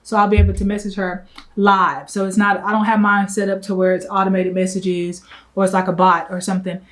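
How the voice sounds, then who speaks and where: Fast-talking young woman, rambling vlog. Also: mid-range voice, level tone, poor audio. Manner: fast, rambling, breathless talk. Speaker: travel agent business owner. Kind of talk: casual vlog talk to camera.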